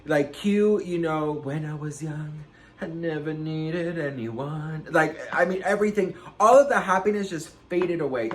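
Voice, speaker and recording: A man vlogging a storytime, dramatic and animated, with big jumps in pitch and loudness and a sassy, campy manner. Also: a little hiss or hum. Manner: campy, sassy, says "girl" and "okay" a lot. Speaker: celebrity gossip vlogger. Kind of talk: casual storytime chat.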